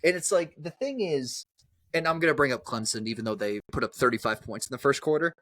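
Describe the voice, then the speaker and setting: A young man co-hosts a casual sports podcast, talking quickly and animatedly in a medium-pitched, slightly bright voice with no echo. He rambles, restarts his sentences often, and curses easily.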